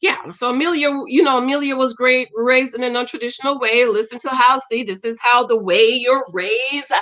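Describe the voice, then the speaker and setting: This middle-aged woman speaks at a fairly high pitch and a normal pace, chatting casually about a reality show. As a commentary vlogger reading viewer comments, she's animated, greeting her regulars by name and talking back to them.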